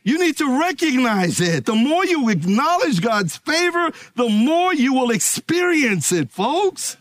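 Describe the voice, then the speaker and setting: A man preaching a sermon, emphatic and calling out to his congregation, easing into relaxed stories. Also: extremely high pitch, unhurried, no room sound. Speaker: pastor.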